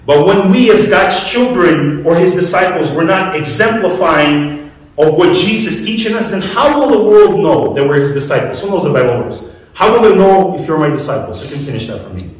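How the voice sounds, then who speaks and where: A pastor preaches briskly to his congregation in a church hall, his fairly high voice full of lively intonation. He keeps it conversational, questioning the listeners along the way. The room is echoey and the microphone sits far off.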